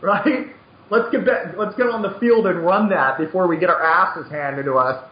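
A man with a high voice hosts a poker podcast and coaches players as he talks. He is emphatic, repeats words as he gets going and plays out quick bits of dialogue. The audio is roomy and a little dull. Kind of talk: animated podcast chat.

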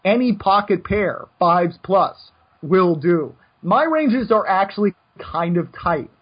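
Man, poker coach, husky, high voice, brash, muffled audio. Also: takes it slowly. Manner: brash, animated, self-mocking rants. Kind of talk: casual podcast chat.

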